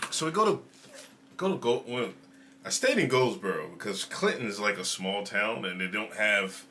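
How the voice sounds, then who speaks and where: Host type, male, bright voice, animated casual storyteller who eats on air. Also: on the low side, moderate pace, a little hiss or hum. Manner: snacking and chewing while talking. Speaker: show host. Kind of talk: casual livestream chat.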